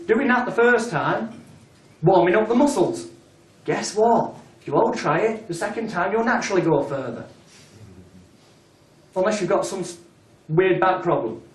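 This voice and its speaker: A man leads a hypnosis workshop in a plain, blunt manner and drops swear words without fuss. His voice sits slightly high. It is picked up from a distance in a roomy, reverberant training space. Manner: casual and blunt, with frequent swearing. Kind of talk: live workshop teaching with demonstration. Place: training room with audience. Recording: echoey room recorded from a distance.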